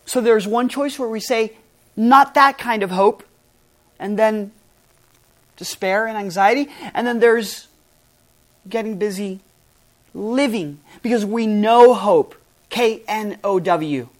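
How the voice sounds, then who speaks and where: A woman's voice: a little high, slow, long pauses. A woman pastor preaching a sermon in an earnest, emphatic way, stressing and spelling out key words.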